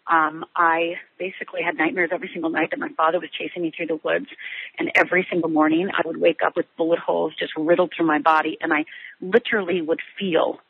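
A middle-aged woman speaks as a guest in an interview, and her voice sounds husky. She talks haltingly, restarting and filling gaps. The sound comes through a narrow, tinny phone line. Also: sits low, little pitch movement, no echo. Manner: halting, many restarts and fillers. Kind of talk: telling a personal story in an interview.

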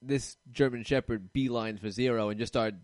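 A man's voice: medium pitch, steady tone, normal speed, darkish tone, dry recording, studio quality. A man in casual podcast talk, blunt and opinionated, with frequent swearing.

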